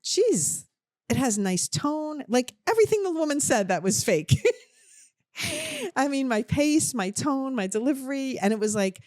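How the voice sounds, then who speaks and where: A young adult woman with a New Jersey accent, co-hosting a podcast in casual chat, telling a story in an animated, self-deprecating way. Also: high-pitched, measured pace, no echo, studio quality. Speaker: podcast co-host.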